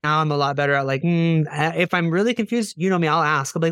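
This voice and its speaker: Animated, swearing man telling stories. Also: on the high side, quick pace, smooth, no echo, clean studio sound. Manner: animated storyteller, swears, acts out quoted lines. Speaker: podcast co-host. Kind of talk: casual chat.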